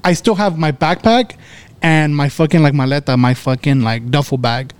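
A young man casually telling a story to friends, swearing freely and getting animated. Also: on the high side, normal speed, clear, resonant tone, no echo.

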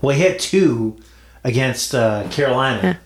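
A man's voice: mid-range voice, animated, unhurried, reverberant. A man hosting a casual sports betting podcast, playful and teasing, often repeating himself. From Toronto area, Canada. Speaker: podcast host.

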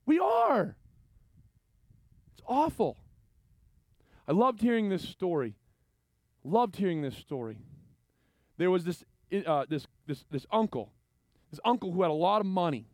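A man's voice: high-pitched, big pitch swings, measured pace, long pauses, a little mellow, no echo. A male pastor preaching a sermon, telling stories animatedly and acting out the voices of the people in them.

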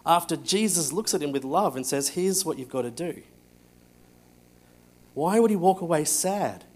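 A man preaching a sermon with a somewhat high voice. He tells the story with energy and acts out the voices. Then he drops to a quiet hush for the key lines. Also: moderate pace, long pauses. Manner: animated storytelling, acting out scripture voices, often dropping to a hush. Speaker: pastor.

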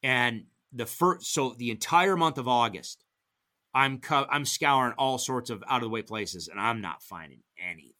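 Speaking at a moderate pace, a middle-aged man tells hunting stories as a podcast guest, loose and animated. He acts out quoted dialogue, his pitch jumping dramatically.

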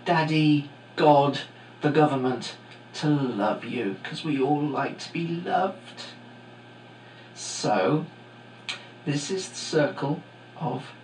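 Man, middle-aged, gravelly voice, rambling podcast monologue, echoey room with a faint hum. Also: fairly high pitch. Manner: casual, digressive, many fillers. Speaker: podcast host and teacher. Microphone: home microphone.

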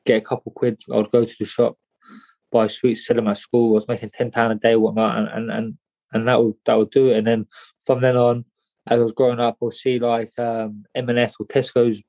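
A man telling a personal story in an interview, halting and repeating words, often saying "mate". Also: mid-range voice, level tone, darkish tone. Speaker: guest.

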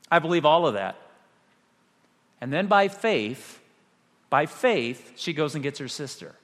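A male pastor preaching a sermon, animated, with rhetorical questions and dramatic pauses. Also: fairly high pitch, big-room sound.

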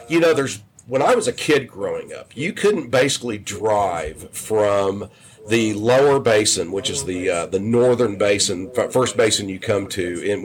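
A man in his fifties, a podcast guest telling long casual stories with frequent restarts and self-corrections. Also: fairly low pitch. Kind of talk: casual storytelling.

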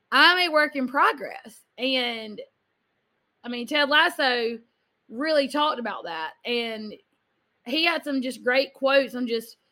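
A woman, hosting a casual solo talk show in an energetic, chatty and expressive way. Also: high voice. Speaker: podcast host.

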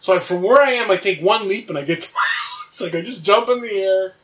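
Animated young man telling a wild story. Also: high-pitched, fairly quick, distant mic. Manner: animated, swearing storyteller who laughs while telling. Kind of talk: casual chat.

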